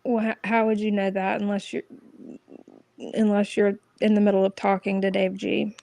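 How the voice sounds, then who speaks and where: A woman's voice: medium pitch, level tone, normal speed, vocal fry, dark tone, no echo. A woman chatting on a live stream panel, gossiping casually.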